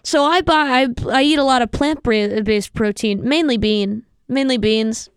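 Young woman host, higher voice, smooth and clear, dry close sound; rambling, self-mocking chatter. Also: no echo. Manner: chatty, tangent-prone, self-mocking, quick laughs. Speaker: radio show host. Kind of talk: casual rambling monologue.

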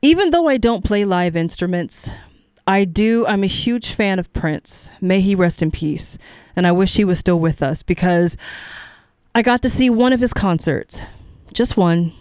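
A woman's voice: mid-range voice, expressive, a little slow, darkish tone, clear, resonant tone, dry recording, studio quality. A middle-aged woman hosting a radio music show, talking casually between songs in a chatty, encouraging way that sometimes wanders off track. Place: radio studio. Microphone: studio microphone.

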